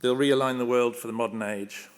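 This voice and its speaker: A man's voice: medium pitch, fairly even intonation, brisk. An older man giving a self-deprecating, humorous acceptance speech at a ceremony, telling anecdotes on a podium microphone in a hall. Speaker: honorary award recipient.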